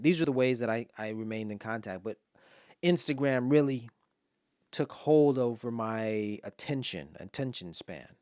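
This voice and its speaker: A man's voice: lowish voice, darkish tone, no echo, studio quality. A man from Los Angeles giving casual spoken commentary on his own poem, telling stories with voiced asides and sometimes dropping to a whisper.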